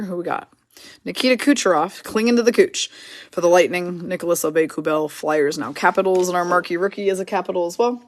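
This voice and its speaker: Lady running a card break stream, lowish voice, rattling off names n teams, super dry close sound. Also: dry recording. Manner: brisk, reads names and teams in quick lists, chats with viewers.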